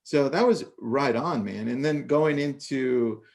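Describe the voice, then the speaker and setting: A man with a gravelly, fry-tinged voice chats casually on a real estate panel. He tells stories with animated energy and tosses in quick asides. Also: medium pitch. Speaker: podcast co-host.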